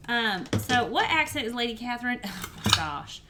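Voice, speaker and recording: A woman's voice: a little high, animated, normal speed, hardly any pauses, very noisy. A woman, chatting with viewers while she cooks in her home kitchen. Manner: chatty, talks to chat while cooking. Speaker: cooking streamer. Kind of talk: casual cooking livestream chat. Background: pots, pans and dishes clattering.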